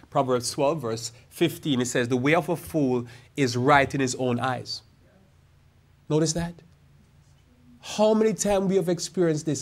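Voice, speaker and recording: A man preaching a sermon as a pastor, speaking casually with stories and slow, stretched emphasis on key phrases. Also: mid-range voice. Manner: conversational preaching with church storytelling asides. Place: church sanctuary.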